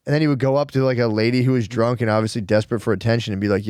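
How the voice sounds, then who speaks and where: A man's voice: on the low side, very fast, darkish tone, clear, resonant tone, no room sound, studio quality. A man co-hosting a comedy podcast, with crude, joking banter. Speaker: podcast co-host.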